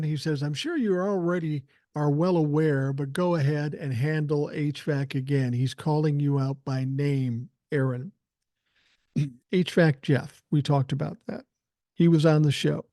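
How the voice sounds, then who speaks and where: A man's voice: a little high, warm tone, no room sound, clean studio sound. An older man hosting a podcast, talking in a blunt, profane and self-assured way. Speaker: podcast host. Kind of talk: casual political commentary.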